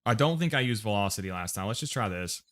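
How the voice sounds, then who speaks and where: A man's voice: lowish voice, animated, fast talker, fairly bright tone. A man with an American accent casually talking to himself and reading chat while setting up a game loadout on a livestream. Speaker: streamer.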